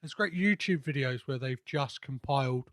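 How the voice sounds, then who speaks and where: A man's voice: medium pitch, moderate pace, a bit bright. A man hosting a podcast, chatting casually and rambling with lots of fillers and restarts. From half Greek. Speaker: podcast host. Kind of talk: casual interview chat.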